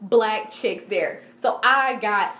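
A woman's voice: medium pitch, slow pace, bright, forceful tone, slight background noise. Sassy young woman in an echoing room. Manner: blunt, sassy, swears casually. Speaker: podcast co-host. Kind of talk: casual chat. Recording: roomy echo.

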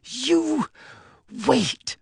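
A man reading a story aloud as expressive audiobook narration. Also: very high voice, very slow, vocal fry, no room sound, studio quality.

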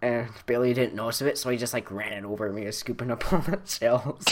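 A man's voice: medium pitch, fairly quick. A young man telling stories in a casual chat, rambling and laughing, with many fillers and restarts. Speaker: storyteller.

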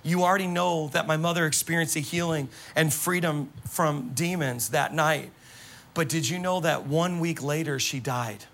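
A male pastor delivers his sermon with an animated, exclamatory storytelling style. His voice is bright and forceful and sits a little high, with a gravelly edge of vocal fry running through it. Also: moderate pace. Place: church service.

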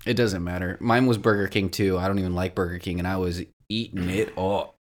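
A man's voice: deep voice, steady tone, fairly quick. A man co-hosting a casual podcast chat, joking and giving blunt opinions. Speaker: podcast co-host.

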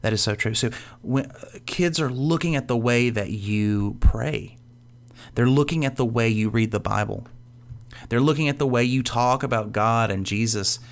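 A man's voice: medium pitch, unhurried. A young man speaking at church, delivering a conversational sermon full of casual stories and fillers, earnestly repeating his key points. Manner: casual storytelling with frequent fillers.

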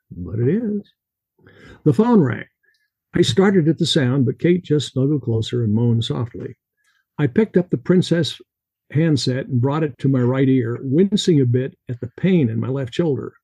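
Gravelly husky guy reading his book aloud, dry mic, kinda dark tone. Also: mid-range voice, animated, moderate pace, dry recording. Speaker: author, interview guest. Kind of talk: reading his novel aloud, then chatting.

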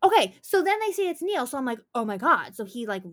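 A woman's voice: extremely high pitch, very animated, quick pace, darkish tone. Rambling young woman podcast co-host. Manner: rambling, full of "like" and swearing, acts out quotes. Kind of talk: casual chat.

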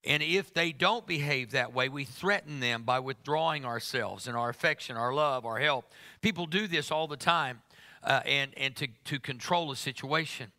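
A man's voice: mid-range voice, normal speed, pushed and bright. A middle-aged man preaching a sermon to a congregation, emphatic and humorous, teasing his listeners.

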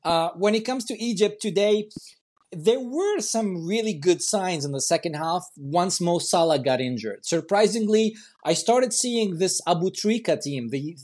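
A man's voice: sits high, lively intonation, a little slow, a little mellow. A man speaking as a football pundit on a podcast, enthusiastic and passionate. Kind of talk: podcast sports discussion.

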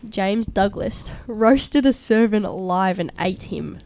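A woman's voice: medium pitch, darkish tone. A young woman co-hosting a casual chat podcast, reading articles aloud with stumbles and giggles. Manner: reads aloud haltingly with stumbles, chatty and giggly. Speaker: co-host.

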